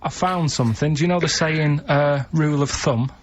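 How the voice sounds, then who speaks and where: A man with a Manchester accent rambles through odd stories in a casual radio studio chat. The recording is dull and lo-fi, with clear background noise behind him. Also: fairly high pitch, normal speed. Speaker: radio show regular.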